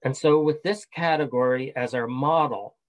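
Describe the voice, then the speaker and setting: A middle-aged man giving a webinar presentation in a measured, friendly way, with fillers and restarts. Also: medium pitch, poor audio.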